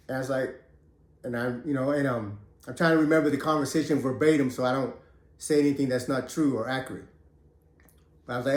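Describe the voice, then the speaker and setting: A man telling his own prison story in a casual, profane, streetwise way, pausing often as he recounts it. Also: medium pitch, roomy sound. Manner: streetwise, profane, drawn-out pauses.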